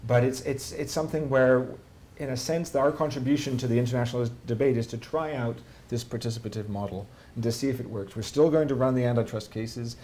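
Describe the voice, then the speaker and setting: A man with a Canadian accent speaking at a conference event, wry and lively, with rhetorical questions. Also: mid-range voice, fast talker. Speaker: panel speaker. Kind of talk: public talk, answering questions. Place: conference hall.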